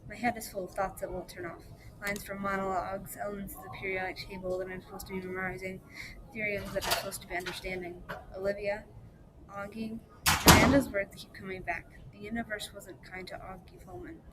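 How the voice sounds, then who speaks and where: A woman reading a novel aloud in first-person narration, plainly, with small slips she corrects. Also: medium pitch. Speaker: reader. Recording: steady background noise.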